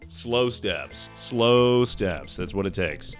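A lower-voiced man talks through a streamed game in a loose, joking way, dropping wry asides. Every so often he breaks into loud, excited yelling. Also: slow pace, few pauses, faint music behind. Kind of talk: casual comedic commentary.

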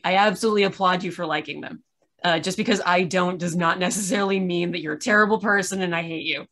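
A woman speaks in a lowish voice, rambling through a casual home chat with a tired edge and many fillers along the way. She sounds like she is on a video call from her own room. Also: fairly bright tone. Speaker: podcast host. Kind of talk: casual discussion.

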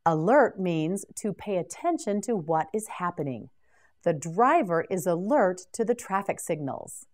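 A woman teaching English vocabulary in a scripted drill, pronouncing each word clearly and deliberately. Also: on the low side, sing-song, a little mellow.

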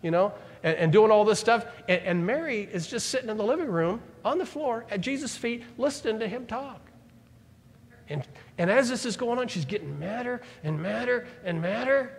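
A male pastor preaching a sermon to his church, animated, acting out the words of the people in his story. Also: sits high, moderate pace, a little hiss or hum. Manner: animated preaching, acts out Bible figures' words. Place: church sanctuary. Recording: church hall reverb.

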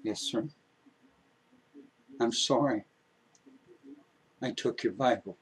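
A man voicing a remorseful male thief who speaks softly and apologetically in a told story. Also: mid-range voice, takes it slowly, pitched below the performer's own voice, natural voice, rough recording. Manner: soft, apologetic.

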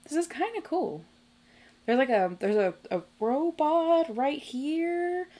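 A young woman hosting a music video reaction, talking casually and reacting excitedly with gasps, laughs and swearing. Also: high-pitched, slow pace. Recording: faint music behind.

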